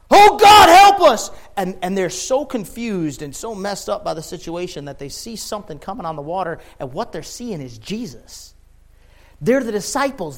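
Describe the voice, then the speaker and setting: A man preaching a sermon with passion, rising to loud shouts and dropping to quiet, low lines. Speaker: pastor.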